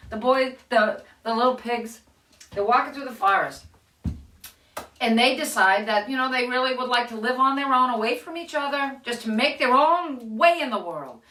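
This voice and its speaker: A middle-aged woman telling a children's story on a live stream, animated and full of questions for her listeners. Her voice is high and bright. The room is echoey and the mic sits well away from her. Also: recorded from a distance. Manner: animated, questioning the kids, gasps and laughs. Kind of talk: read-aloud storytelling for children. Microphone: live video stream.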